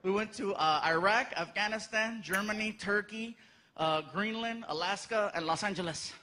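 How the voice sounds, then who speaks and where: A male stand-up comedian telling stories loudly and animatedly on a live stage. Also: sits high, moderate pace. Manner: loud, animated storytelling to a crowd. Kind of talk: stand-up routine. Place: live stage in front of audience. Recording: noisy live show, crowd laughter.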